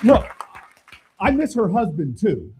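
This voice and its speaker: A man's voice: sits high, huge pitch swings, slow pace, a crowd in the background, noisy background. A middle-aged man, a politician, telling stories in a speech at a town hall, with quoted voices and chuckles.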